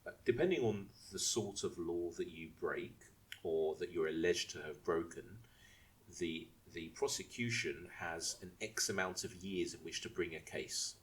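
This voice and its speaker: A man co-hosting a casual podcast chat, rambling through his points with many restarts. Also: low voice. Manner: rambling, restarts and asks if he may speak. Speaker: podcast co-host.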